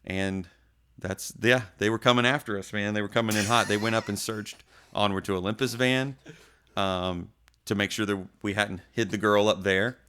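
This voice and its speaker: A lowish, smooth, resonant male voice with a bright, forceful edge. He is a podcast guest spinning a tour anecdote in casual chat, animated and playing the people in his tale. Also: normal speed. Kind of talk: casual storytelling.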